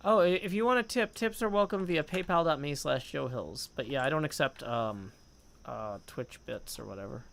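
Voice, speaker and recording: A man's voice: fairly high pitch, normal speed, vocal fry, a bit bright. A man chatting casually on a gaming livestream at his desk mic, rambling, reading chat aloud and humming to himself. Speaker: streamer.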